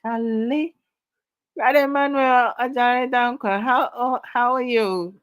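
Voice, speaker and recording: A woman's voice: a little high, fairly even intonation, slow pace, no room sound, muffled recording. A middle-aged woman hosting a live discussion, lecturing her viewers with exasperation and frequent laughter. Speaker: host of a live discussion stream. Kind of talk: casual live-stream talk to viewers.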